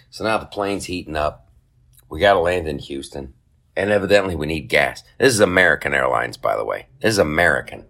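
Animated deep-voiced man telling a comic story. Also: fairly quick. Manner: animated, profane, jumps into high mocking voices for other people. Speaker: podcast host.

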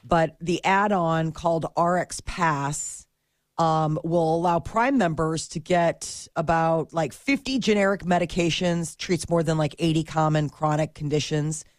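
A woman's voice: deep voice, unhurried, no echo, studio quality. A woman co-hosting a morning radio show, reading news items in a loose, chatty way. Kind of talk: casual morning radio chat.

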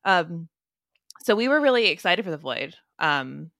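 A woman's voice: on the low side, sing-song, unhurried, gravelly, fairly bright tone, no room sound, studio quality. A young woman guesting on a podcast from home, chatting eagerly and filling her talk with "like". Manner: chatty and enthusiastic, many "like"s. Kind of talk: casual podcast chat. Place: home room with pets nearby.

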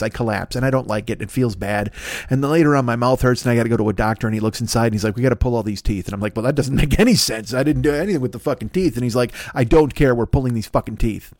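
A man in his fifties rambles through a solo podcast monologue at a rapid clip, swearing freely and mocking himself. He keeps jumping into exaggerated voices for imagined people. The sound is dry and close. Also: medium pitch, dry recording. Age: 50s. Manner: profane, riffing, self-deprecating, leaps into exaggerated mock voices. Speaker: podcast host.

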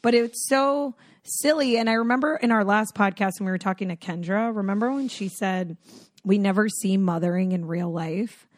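A woman co-hosting a podcast in casual chat, animated and quick to laugh, swearing freely. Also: mid-range voice, no room sound, clean studio sound. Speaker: podcast co-host.

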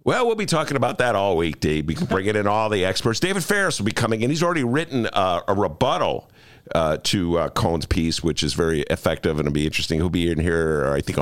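A male talk radio host riffs sarcastically on the day's politics from a studio mic. His mid-range voice swings widely in pitch as he jokes. The sound is dry and close. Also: a bit bright, dry recording. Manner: sarcastic, riffing, jokey asides to the audience.

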